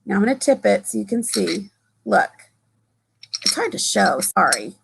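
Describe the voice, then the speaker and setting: A woman hosting a casual live chat, bubbly and gushing, quick to giggle, who is from the southern US. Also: medium pitch, very animated, creaky, noisy background. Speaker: host.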